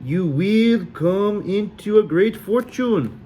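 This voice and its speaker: A man's voice: sits high, lively intonation, warm tone, a little hiss or hum, pitched above the performer's own voice. A man doing a young man's mock fortune-teller voice. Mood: mock solemn. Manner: slow, put-on foreign accent.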